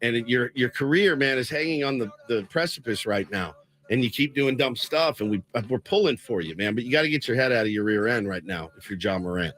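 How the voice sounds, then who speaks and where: A man co-hosting a sports talk radio show, opinionated and animated in his takes. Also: mid-range voice. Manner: animated, opinionated, quick reactions. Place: radio studio.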